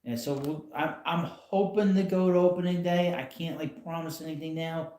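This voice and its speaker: A man's voice: a little high, fairly even intonation, moderate pace, mellow. Rambling man in an echoey room. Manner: rambling, blunt, chuckles often. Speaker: channel host. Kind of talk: casual live-stream commentary. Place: home, in a rocking chair.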